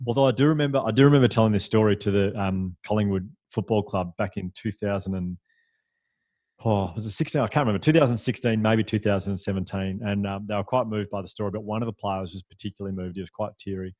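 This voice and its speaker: A man who is a podcast guest, telling stories in a lively, chatty, self-deprecating way. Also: fairly low pitch, fast talker, dry recording. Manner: animated, chatty, self-deprecating, with fillers and laughs. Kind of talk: conversational storytelling.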